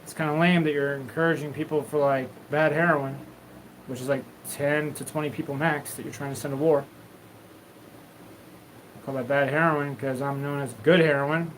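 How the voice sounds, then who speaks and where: A man's voice: on the high side, fairly even intonation, moderate pace, slight background noise, rough recording. A man hosting a live stream, talking in a loose, rambling, profane stream of consciousness. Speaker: livestream host.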